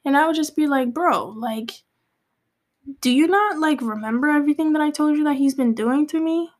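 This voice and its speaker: A young woman from Cape Verde talks through a hurtful chapter of her life in a loose, confessional vlog style. Her voice sits a touch high. She rambles with fillers and restarts and drops to a hushed whisper here and there. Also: normal speed. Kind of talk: casual confessional storytelling.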